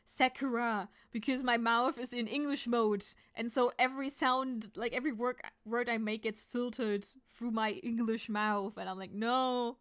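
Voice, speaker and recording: A woman from Germany with a German accent, a native German speaker chatting casually while drawing on stream, talking fast and sometimes fumbling her words. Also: a little high, steady tone, fairly bright tone. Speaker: artist streamer.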